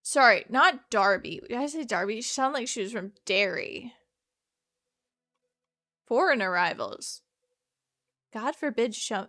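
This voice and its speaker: Girl streaming a detective game, higher voice, chatty and jokey. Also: bright, forceful tone. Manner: chatty, joking, laughs often. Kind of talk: casual gameplay commentary.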